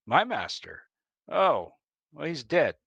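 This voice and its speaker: A man's voice: a little high, sing-song, slow, vocal fry, fairly bright tone, husky, no room sound, muffled recording. A man playing a tabletop game, speaking in character with wry, playful politeness. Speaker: player. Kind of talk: in-character tabletop role-play.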